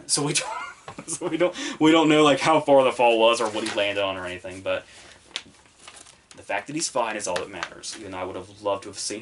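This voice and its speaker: A man's voice: fairly low pitch, slight background noise. A man hosting a podcast, giving casual solo commentary in a rambling, profane way full of fillers. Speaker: podcast host reviewing the Oscars.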